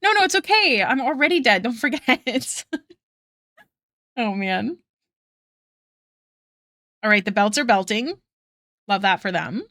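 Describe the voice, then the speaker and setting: A woman's voice: medium pitch, animated, takes it slowly, pauses often, fairly bright tone, no echo, clean studio sound. A woman art streamer chatting casually with viewers while drawing, giggling often and thanking them effusively.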